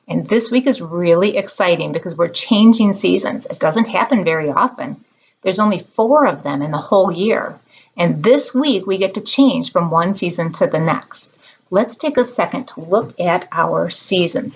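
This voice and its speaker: A woman preschool teacher leading a children's circle-time lesson in a slow, sing-song teacherly way. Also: lowish voice, gravelly, husky, lo-fi sound.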